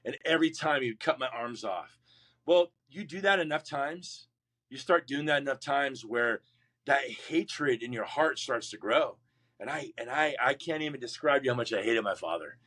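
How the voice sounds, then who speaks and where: A middle-aged Marine veteran, speaking at medium pitch and a moderate pace, recounts his life story as an interview guest. He's animated, performing the voices of the people he mentions and often restarting his sentences.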